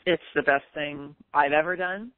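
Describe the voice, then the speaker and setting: A woman's voice: sits low, moderate pace, dry recording. Woman, 50s, podcast guest, emphatic and self-assured, thin phone-line sound. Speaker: guest author. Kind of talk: podcast interview. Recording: tinny phone line, dry.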